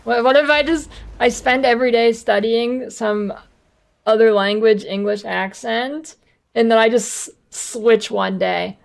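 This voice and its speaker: A woman's voice: a little high, measured pace, creaky. An American woman streaming a game, chatting casually in a rambling, blunt and often profane way. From United States. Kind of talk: casual gaming stream chat.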